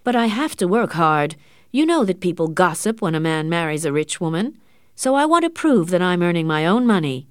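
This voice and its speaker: A woman's voice: on the low side, very animated, normal speed, smooth, no echo, clean studio sound. A woman voicing a cold, calculating young man who speaks curtly. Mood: matter-of-fact. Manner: cold and curt.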